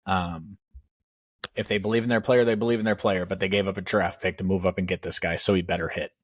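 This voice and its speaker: Low-voiced wry man giving sports takes. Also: fairly even intonation, breathy edge, no echo. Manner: opinionated, wry, quick bursts. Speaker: podcast co-host. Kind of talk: casual sports chat.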